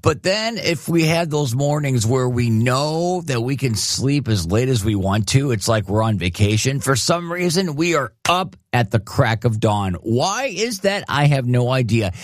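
Radio host, man, animated pitch, dry close mic, chatty promo read. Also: a little slow, hardly any pauses, dry recording. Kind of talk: radio station announcement.

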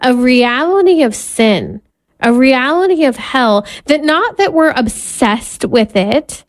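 Her voice high-pitched and animated but slow, a Catholic mother in her thirties who hosts a podcast recounts a candid personal story. She stays earnest, with the odd self-directed laugh.

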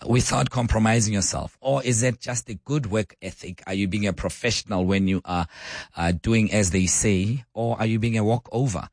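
A male South African radio host with a hoarse voice, chatting and putting questions to his listeners on a call-in show. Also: sits low, a little mellow, no room sound, studio quality. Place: radio studio.

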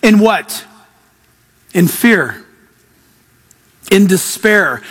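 A man, a pastor, preaching an animated sermon and sometimes acting out voices. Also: high voice, moderate pace.

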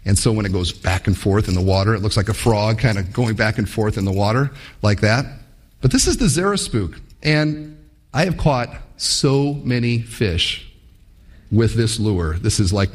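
A man preaching a sermon in an animated, folksy, playful way. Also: fairly low pitch, normal speed. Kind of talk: sermon with storytelling. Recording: long hall reverb.

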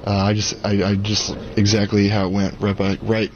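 A football player answering press questions in a halting, evasive way, heard on a dull clip. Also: male voice, lowish voice, completely flat delivery. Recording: dull lo-fi press clip with faint room noise.

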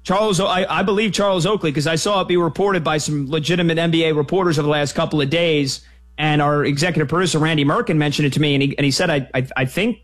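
A man hosting a sports talk radio show, taking callers in a quick, energetic, conversational way. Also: fairly high pitch.

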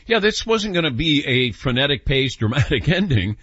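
An older man hosts a call-in radio show, chatting and poking fun at himself as he tells stories. His pitch swoops up and down freely. The sound is dry, close and a little muffled. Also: sing-song, moderate pace, fairly bright tone, slightly rough, dry recording. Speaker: radio talk show host. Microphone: studio microphone.

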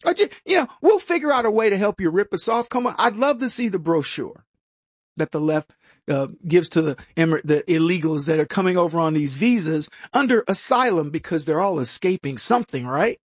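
A man's voice: high voice, animated, brisk, dry recording, studio quality. A man hosting a political talk show, sarcastic and mocking, who stumbles and restarts and laughs at his own jokes. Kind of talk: opinionated commentary monologue.

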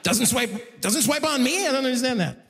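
A man performing a stand-up comedy set, animated and jumping into high excited yelps when he acts things out. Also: normal speed, gravelly, background noise. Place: comedy club stage. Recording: live show in a reverberant venue.

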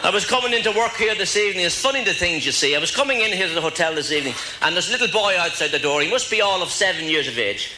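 An Irish man doing stand-up, telling long joke stories with slow punchlines. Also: sits high, expressive, bright, forceful tone, slight background noise, rough recording. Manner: tells jokes with slow punchlines, laughs at his own gags. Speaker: comedian. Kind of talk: stand-up storytelling.

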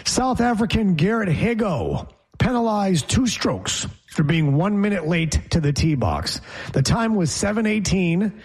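A man's voice: sits high, sing-song, a little slow, husky. A man hosting a casual sports talk show, chatty, sometimes mimicking an announcer's delivery. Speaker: host.

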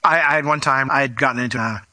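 Bright, animated male preacher. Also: medium pitch, fast, dry recording. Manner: conversational, animated, acts out scenes. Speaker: pastor. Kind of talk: sermon with storytelling.

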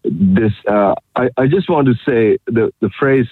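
A man calling in to a radio show, speaking haltingly with many restarts. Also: mid-range voice, breathy edge, dry recording. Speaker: caller. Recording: tinny phone line.

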